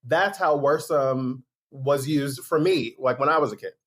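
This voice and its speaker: A man's voice: mid-range voice, normal speed, a bit bright. A man who is a guest author on a podcast, talking things through casually with lots of "like" and "right?". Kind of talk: casual chat.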